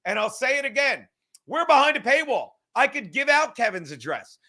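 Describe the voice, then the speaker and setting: Reacting to clips on his podcast, a man rants sarcastically and with lots of swearing, his very high voice sharp and swinging widely in pitch. The animated rant builds quickly.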